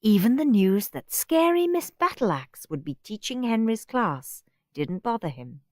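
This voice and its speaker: Brief: woman storybook narrator, lively pitch, slow deliberate pace, dry close mic. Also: no room sound. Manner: expressive, playful reading to children. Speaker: audiobook narrator.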